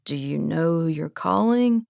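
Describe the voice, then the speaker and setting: A woman voicing a weary, wary man who leads an oil-fire crew, speaking slowly, guarded and curt. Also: sits low, animated, creaky, a little mellow, no room sound, clean studio sound, exaggerated voice.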